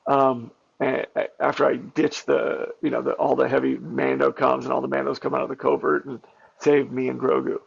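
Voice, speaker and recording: A man, a stuntman and actor, telling candid behind-the-scenes stories in an interview, animated and full of fillers and restarts. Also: mid-range voice, normal speed, gravelly, husky. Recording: dull lo-fi audio.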